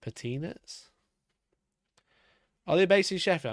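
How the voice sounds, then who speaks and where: A man's voice: on the high side, animated, normal speed, no room sound, clean studio sound. A young man chatting casually on a live stream, swearing freely, laughing often and talking to his cat between comments.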